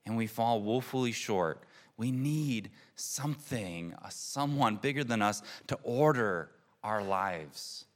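A man in his thirties preaching a sermon in an earnest, reflective way, often repeating words and laughing softly. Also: on the low side, expressive, slow pace. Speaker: pastor.

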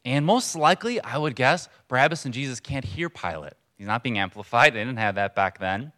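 A man's voice: mid-range voice, lively intonation, sharp tone. Earnest man preaching a sermon. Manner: conversational, earnest, pauses for emphasis. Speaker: pastor. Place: church hall with congregation.

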